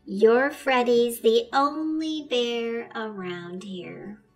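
A woman voicing a calm mother in a read-aloud storybook, soothing and gently dismissive. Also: fairly high pitch, extremely slow, faint music behind.

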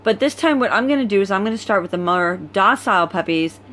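Here a tired breeder presents her puppies casually in a home phone video. Her medium-pitched voice is a bit bright with lively intonation, her pace slow and her manner easygoing and talkative, and there's slight background noise.

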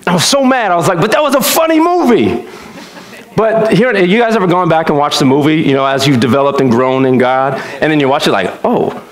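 A man preaching a sermon as pastor, an animated, joking storyteller. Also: a little high, fast talker, hardly any pauses. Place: church sanctuary. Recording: echoey church room.

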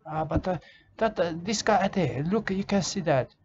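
A man playing a rambling, drunk bushman who talks in halting broken English, full of "uh" and repeated phrases, in an improvised comedic monologue, on a slightly dull lo-fi recording with faint hiss. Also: high-pitched, lively intonation, darkish tone. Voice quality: broken grammar, calls listener "mate". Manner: halting, lots of "uh" and repeated "I can tell you".

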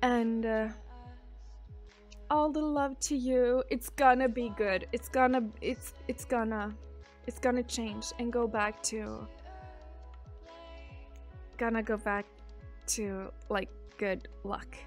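A woman chats casually on a live stream, reading out viewer messages and answering them one by one. Faint music plays softly behind her. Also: fairly high pitch, fairly even intonation, slow, pauses often.

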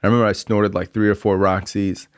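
A fairly low, level voice belongs to a young man in his twenties who talks quickly while hosting a podcast. He tells a long, rambling recovery story, frank and hard on himself, stuffed with "like" and "um" fillers, as a casual storytelling monologue. The sound is clear and resonant, dry and studio quality.

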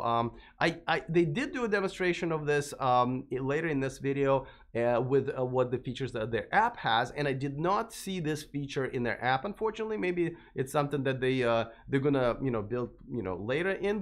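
A man hosting a live stream about electric cars, rambling casually with many fillers and restarts. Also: medium pitch. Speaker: host of an electric car channel.

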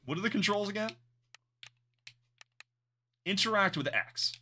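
A man's voice: sits high, lively intonation, unhurried, bright, forceful tone, a little hiss or hum. A man streaming a game live, chatting casually, reacting aloud and greeting viewers in chat. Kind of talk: live gameplay commentary.

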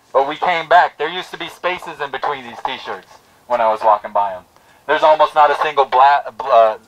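A man addresses a rally in an outdoor plaza with a bright, forceful voice. He tells his story earnestly and stumbles over his words now and then. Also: medium pitch, recorded from a distance, a little hiss or hum, rough recording. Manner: heartfelt storytelling with restarts. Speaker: protest speaker.

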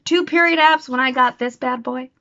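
Bright, chatty young woman vlogging. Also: sits high, normal speed. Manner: chatty, rambling, self-deprecating. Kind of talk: casual personal vlog. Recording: dull lo-fi sound, dry.

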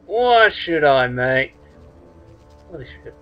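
Let's play host, man, slow joking asides, lo-fi mic with faint music. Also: mid-range voice, expressive. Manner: joking, crude, laid-back asides. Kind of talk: gameplay commentary. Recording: dull lo-fi mic with game music.

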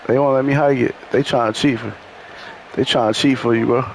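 A man trash-talking loudly and profanely at his opponent while playing a video game, laughing often. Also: mid-range voice, steady tone, a little fast, slight background noise. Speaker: gamer.

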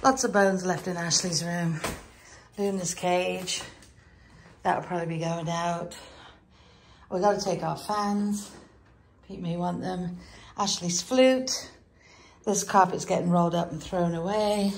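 A woman's voice: fairly low pitch, steady tone, measured pace. A British woman vlogging casually while emptying her house, tired and chatty with an emotional edge. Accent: British English. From Britain. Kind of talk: casual vlog chat. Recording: noisy home recording.

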